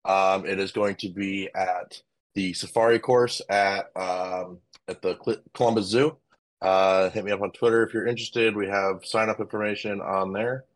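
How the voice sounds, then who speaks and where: A man's voice: deep voice, fairly even intonation, moderate pace. A man on a sports panel show, talking casually in a rambling, hesitant way. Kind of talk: casual chat.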